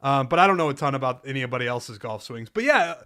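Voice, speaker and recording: A man's voice: medium pitch, expressive, quick pace, fairly bright tone, smooth. A man co-hosting a podcast in casual chat, laughing and joking at his own expense. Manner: laughing, self-mocking. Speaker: podcast co-host.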